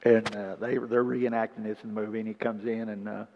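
A male preacher with a gravelly, rough voice tells a long story as part of a sermon, breaking off for asides and frequent throat clearing. He sounds emotional. The recording is dull and muffled, with a long reverb trailing off the walls of a church hall. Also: fairly low pitch, flat delivery, brisk, a little hiss or hum.

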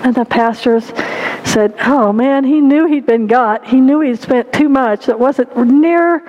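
A woman's voice: high-pitched, a little slow, darkish tone, muffled recording, slight background noise. A woman giving a heartfelt testimony and sermon story, earnest and full of "you know".

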